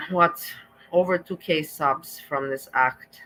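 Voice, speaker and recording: Bright-voiced woman ranting on a live stream. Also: deep voice, takes it slowly, low-quality recording. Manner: emotional, laughing, blunt and ranting. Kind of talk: casual live-stream reaction rant.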